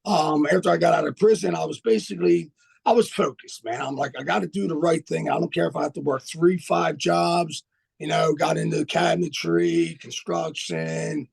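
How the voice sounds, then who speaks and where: Gravelly older man, blunt and streetwise. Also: a little high, lively intonation, normal speed. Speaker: podcast guest. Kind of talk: casual storytelling.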